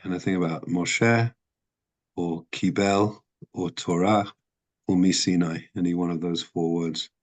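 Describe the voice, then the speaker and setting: A rabbi leads an adult study class in a very low, deep voice. He talks thoughtfully and stops often to hunt for words, with frequent ums and false starts. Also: steady tone, a little slow. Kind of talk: classroom teaching.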